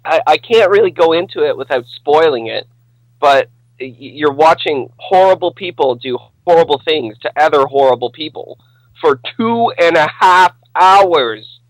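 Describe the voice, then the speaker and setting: A man's voice: fairly high pitch, animated, normal speed, dry recording, poor audio. A man co-hosting a podcast, ranting angrily and swearing through casual chat. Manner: angry, profane, ranting. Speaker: podcast co-host.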